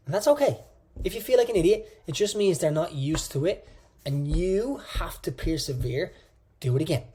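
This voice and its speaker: A man's voice: fairly high pitch, brisk, warm tone, husky. A man teaching a coaching course in a casual, direct way, repeating phrases for emphasis. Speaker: fitness coach. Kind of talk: online coaching course lecture.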